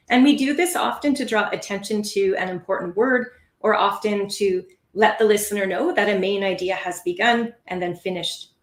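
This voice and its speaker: A woman instructor walks learners through sample answers in a live online lesson. Her voice sits a little high and her delivery is clear and encouraging. The room around her has a roomy echo. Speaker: test prep instructor.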